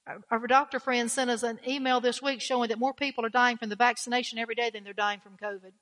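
A woman's voice: fairly high pitch, flat delivery, fast talker, fairly bright tone, big-room sound. A woman pastor preaching a blunt, emphatic sermon, often repeating her key phrases.

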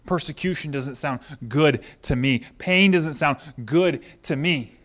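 A man preaching a sermon, telling a story with animated swings between loud excitement and hushed intensity. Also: fairly high pitch, unhurried. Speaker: pastor.

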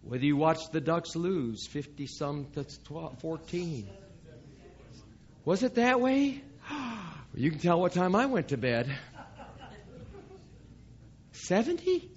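High-voiced emphatic male preacher. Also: lively intonation, slow pace, long pauses, highs cut off. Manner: emphatic, reads scripture aloud, swells louder on key lines. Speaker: pastor. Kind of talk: sermon. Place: church service.

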